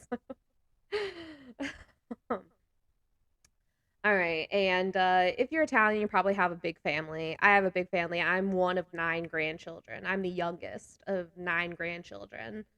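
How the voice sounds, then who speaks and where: Animated, laughing woman vlogger. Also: lowish voice, measured pace, pauses often, clear, resonant tone, no echo. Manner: animated, laughs often between remarks; talks with hands a lot. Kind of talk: casual chat to camera.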